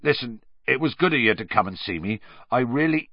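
A man voicing a huge, gruff half-giant gamekeeper who is drunk and dejected, with a thick, rough country way of speaking. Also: mid-range voice, animated, brisk, no echo, voice pushed up. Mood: softening. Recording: dry, slightly dull audio.

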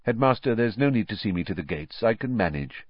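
A man's voice: on the low side, expressive, brisk, no echo. Man reading a kind, tired wizard teacher. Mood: fond. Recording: slightly dull lo-fi audio.

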